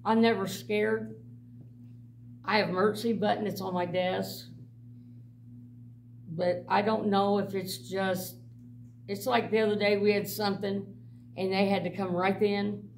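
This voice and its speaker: Gravelly middle-aged woman telling blunt stories to a church group, laughs a lot, mic kinda far off. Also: medium pitch, unhurried, long pauses. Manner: animated storytelling, laughing often, blunt. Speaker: mission director. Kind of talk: personal testimony to a church group. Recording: distant mic with faint background noise.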